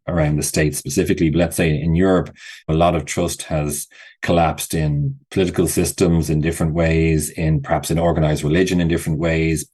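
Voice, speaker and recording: A man's voice: extremely low pitch, darkish tone, slightly rough. A man, a university skills director, speaking thoughtfully as a podcast guest and often restarting his sentences. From Ireland. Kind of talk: podcast interview.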